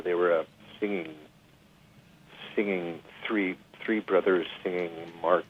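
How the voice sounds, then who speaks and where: A middle-aged man, a guest musician, telling a story in a casual interview, animated and full of restarts and asides. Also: sits low, slow, a little hiss or hum. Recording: dry tinny phone line.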